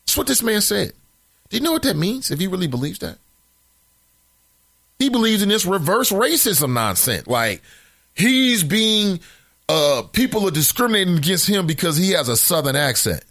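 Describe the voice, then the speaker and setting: Animated opinionated male radio host. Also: a little high, moderate pace, no echo. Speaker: radio talk show host. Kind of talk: casual opinion commentary. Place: radio studio. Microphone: studio mic.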